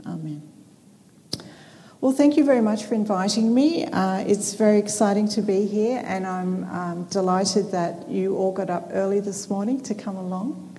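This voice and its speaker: A woman's voice: mid-range voice, fairly even intonation, normal speed, warm tone, a little hiss or hum. Australian woman lecturing in a big hall. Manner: earnest, friendly, some hesitant fillers. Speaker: seminar speaker. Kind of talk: Christian seminar lecture. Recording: long hall reverb, faint ambience.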